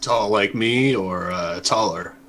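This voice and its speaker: A man's voice: on the low side, slow pace, crowd noise, low-quality recording. A man playing a tabletop role-playing game, talking hesitantly with many fillers. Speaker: player.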